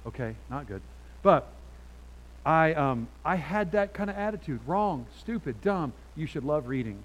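A middle-aged man preaching with a voice pitched a little high for a man. He moves between soft, confiding asides and sudden loud, animated stretches. His delivery is conversational, full of restarts and personal stories. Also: unhurried, poor audio. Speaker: pastor. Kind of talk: sermon.

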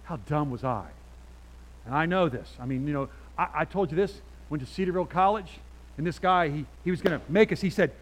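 A middle-aged man preaching a sermon as pastor, animated and chatty, dropping to quiet asides and then getting loud. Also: on the high side, brisk, rough recording.

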